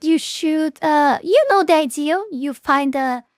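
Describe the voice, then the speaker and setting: A woman's voice: high-pitched, unhurried, dry recording, studio quality. A woman hosting a reaction video, commenting casually with many restarts and fillers. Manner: hesitant, frequent restarts and fillers.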